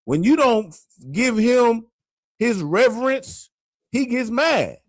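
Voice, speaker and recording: A man's voice: very high voice, big pitch swings, slow pace, no room sound, clean studio sound. A man co-hosting a casual religious discussion, reading passages aloud between casual asides. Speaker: co-host reading scripture.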